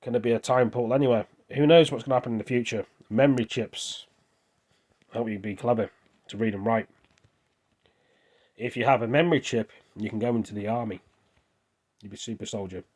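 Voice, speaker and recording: There are long pauses in this English man's fairly quick delivery, and his medium-pitched voice has a darkish tone. He's a vlogger rambling casually to his phone camera, skipping from topic to topic.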